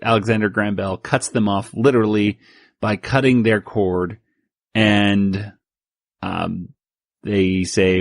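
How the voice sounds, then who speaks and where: A man co-hosting a podcast in casual chat, rambling through a comic recap and jumping into higher voices for quoted lines. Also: fairly even intonation, slow pace, gravelly, no room sound, studio quality. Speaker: podcast co-host.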